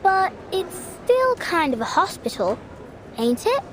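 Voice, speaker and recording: A woman's voice: extremely high pitch, very animated, a little slow, slight background noise, heavily acted. A spunky, curious young girl. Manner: chatty, wondering, informal. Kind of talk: game voice acting.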